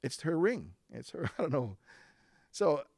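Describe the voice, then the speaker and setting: A man telling a personal story on stage before a live audience, relaxed and chatty, with fillers and restarts. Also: a little high, a little slow, gravelly, no room sound, clean studio sound. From Hawaiʻi.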